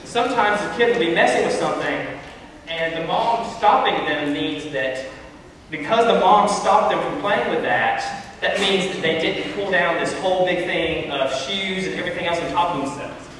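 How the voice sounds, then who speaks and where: A man's voice: high-pitched, moderate pace, a bit bright, a little hiss or hum. Man telling kids a story in a big echoing hall. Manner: storytelling, conversational, addresses kids. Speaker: youth speaker. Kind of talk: children's Bible talk. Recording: echoey hall, far from mic.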